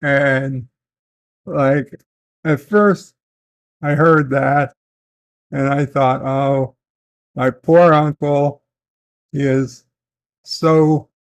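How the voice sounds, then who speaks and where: A man vlogging from home, telling a family story in a slow, halting way with many fillers and restarts. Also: fairly high pitch. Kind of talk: casual storytelling. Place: at home, in bed.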